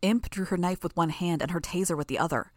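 A woman narrating a first-person audiobook in a steady, even storytelling manner. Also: fairly low pitch, fast talker, no echo.

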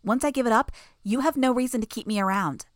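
A woman's voice: on the high side, fast, dry recording, clean studio sound, voice pushed up, natural voice. A woman voicing an eerie, murderous little girl with a sweet, childish manner in a fan audiobook. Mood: earnest pleading. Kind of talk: audiobook character voice.

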